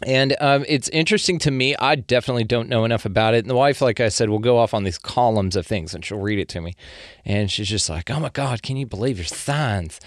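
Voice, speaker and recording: A man's voice: mid-range voice, fast, dry recording, studio quality. A man with a Southern US accent hosting a casual podcast chat, teasing and joking with some swearing. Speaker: podcast host.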